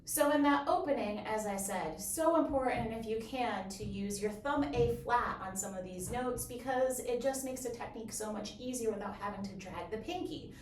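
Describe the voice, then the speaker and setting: A woman explaining bassoon technique in a clear, encouraging, step-by-step way. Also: normal speed, hardly any pauses, a little hiss or hum. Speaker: bassoon teacher. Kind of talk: instructional explanation. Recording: roomy echo, from a distance.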